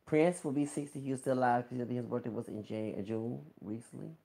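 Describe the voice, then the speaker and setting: A man's voice: mid-range voice, fairly even intonation, a little fast, creaky, warm tone. A man in his thirties giving a casual, rambling gossip commentary to his viewers, full of exclamations and asides. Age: 30s. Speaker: vlogger.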